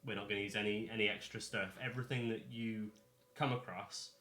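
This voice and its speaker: A man's voice: lowish voice, steady tone, a little fast, bright, forceful tone. A man acting as dungeon master in a casual, rambling chat while preparing a tabletop game. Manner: rambling, self-correcting, chatty. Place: home. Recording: echoey room.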